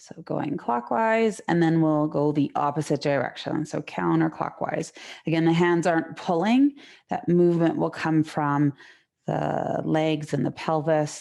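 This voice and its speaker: Calm low-voiced woman guiding yoga. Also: gravelly. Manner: calm, slow and soothing cues. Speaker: yoga instructor. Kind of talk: guided yoga class instruction. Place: home room, online class.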